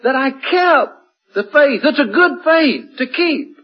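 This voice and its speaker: A man's voice: extremely high pitch, lively intonation, slow, muffled recording. A man preaching a sermon in an emphatic way, repeating and building his phrases.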